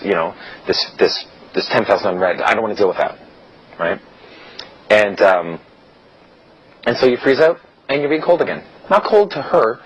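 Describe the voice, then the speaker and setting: Blunt, chatty male coach, lo-fi. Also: lowish voice. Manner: blunt, chatty, acts out quoted dialogue. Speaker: dating coach. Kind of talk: casual seminar lecture. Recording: dull lo-fi recording with faint hiss.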